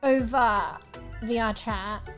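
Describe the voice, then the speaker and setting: A young woman with an Australian accent rambles through a casual livestream chat, cursing freely and laughing as she goes. Her voice sits a bit high, close on a desk microphone, with faint music underneath. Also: slow, a bit bright. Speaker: streamer. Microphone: new desk microphone, close.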